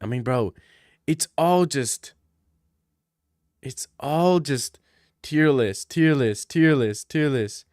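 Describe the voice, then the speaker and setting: A man's voice: medium pitch, takes it slowly, long pauses, darkish tone, no echo, studio quality. A young man ranting jokily in a mocking comedic style, full of slang. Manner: slangy, jokey, slips into mock street talk.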